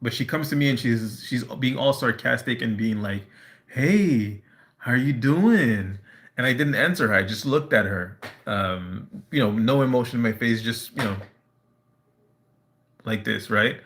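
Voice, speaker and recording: A man on a casual live stream, telling a personal story in a halting way, full of fillers and restarts. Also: mid-range voice, fairly bright tone.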